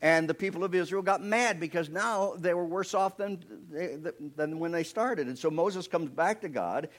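A middle-aged man preaching a sermon with animated storytelling, swinging between soft, low asides and loud, emphatic passages. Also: moderate pace. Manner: earnest, personal asides.

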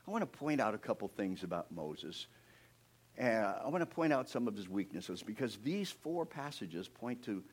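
A middle-aged man preaching a sermon with animated storytelling, swinging between soft, low asides and loud, emphatic passages. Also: breathy edge. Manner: earnest, personal asides.

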